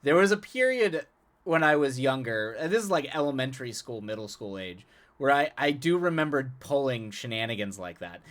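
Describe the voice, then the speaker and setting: A man's voice: medium pitch, big pitch swings, normal speed, a bit bright. A man talking casually as a live streamer, chatting with viewers, often laughing and repeating words as he restarts his sentences.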